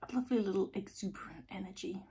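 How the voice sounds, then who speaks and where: A woman giving a casual, chatty tarot reading to camera as host, blunt and animated. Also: mid-range voice, fast talker. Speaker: tarot reader, channel host.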